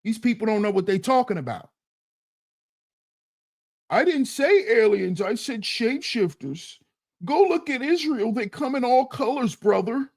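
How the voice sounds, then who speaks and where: Guy reading chat on his stream, slow deliberate talk, mocks commenters, says stuff twice. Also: very high-pitched, expressive, dry recording, studio quality. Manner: emphatic, repeats phrases, mocking of commenters. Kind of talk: casual livestream commentary.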